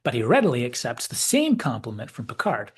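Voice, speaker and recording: Man, husky voice, mid pitch, measured analytical commentary, reflective. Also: wildly swooping pitch. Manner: measured, reflective, quoting dialogue. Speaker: video essay host.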